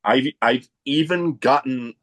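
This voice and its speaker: A man hosting a podcast, telling stories with excitement and often restarting his phrases. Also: mid-range voice, slow pace. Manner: excitable storyteller, repeats starts of phrases. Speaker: podcast host. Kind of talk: casual chat.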